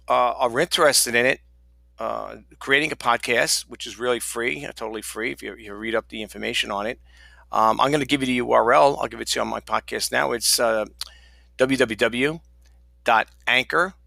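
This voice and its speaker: A man's voice: mid-range voice, moderate pace, creaky, sharp tone, dry recording. A man hosting his own podcast, talking casually and rambling with lots of fillers and restarts. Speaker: podcast host. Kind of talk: casual solo podcast talk.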